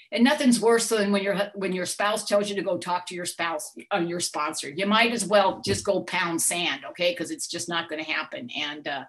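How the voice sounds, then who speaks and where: A middle-aged woman telling a candid personal recovery story, acting out her own outbursts as she goes. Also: on the low side. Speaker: workshop speaker sharing her story.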